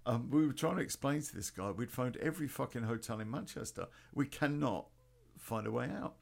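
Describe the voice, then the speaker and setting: A man's voice: medium pitch, brisk, creaky. A man telling a rambling personal story in a casual, sweary way, full of ums and restarts. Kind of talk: casual spoken anecdote.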